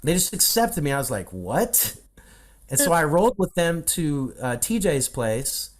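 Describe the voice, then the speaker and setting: Animated man telling a story on a video call. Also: on the high side, normal speed. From Midwestern United States. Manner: animated storyteller who acts out quoted dialogue. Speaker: podcast guest, voice coach. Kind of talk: casual storytelling in an interview.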